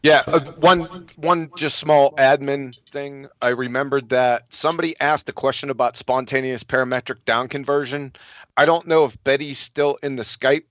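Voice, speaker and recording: A man's voice: mid-range voice, steady tone, moderate pace, no room sound. A man on a live online panel, making a casual, polite request. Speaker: panel member. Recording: dry muffled call audio.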